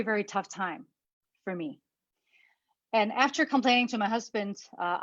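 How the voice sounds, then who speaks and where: A woman giving a personal talk, halting and repeating words, holding back tears. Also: medium pitch, dry recording, muffled recording. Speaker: speaker.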